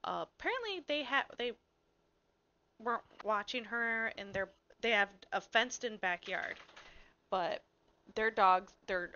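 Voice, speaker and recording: A woman's voice: a little high, a little slow, lo-fi sound, slight background noise. A woman co-hosting a podcast, telling a story in casual chat, blunt and swearing freely. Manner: animated storyteller. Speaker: podcast co-host.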